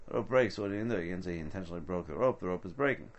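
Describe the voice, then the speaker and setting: A man with a low, animated voice talks very fast, with the highs cut off in the audio. Leading a Talmud study session, he explains step by step, asks rhetorical questions, and mixes Hebrew and Aramaic terms into his English.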